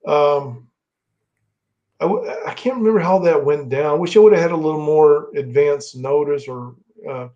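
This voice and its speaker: On a dull, lo-fi recording, a middle-aged guest who used to wrestle rambles through casual stories, often starting over. He speaks at normal speed in a warm, fairly high voice.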